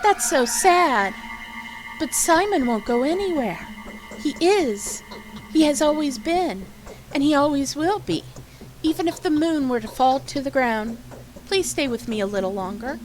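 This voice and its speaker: A woman streamer reading a game's dialogue aloud, voicing a devoted young townswoman in a soft, sing-song voice. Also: high voice, animated, measured pace, soft background music, pitched above the performer's own voice, low-quality recording. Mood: wistful.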